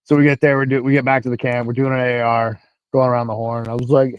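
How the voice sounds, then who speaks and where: A man recounts a deployment story in a loose, animated way, swearing freely and acting out both sides of the conversation. His voice sits at an ordinary pitch. The sound is dry and close. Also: fast, clear, resonant tone, no echo, low-quality recording. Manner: animated, profane, acts out dialogue. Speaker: guest, military veteran. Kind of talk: casual storytelling.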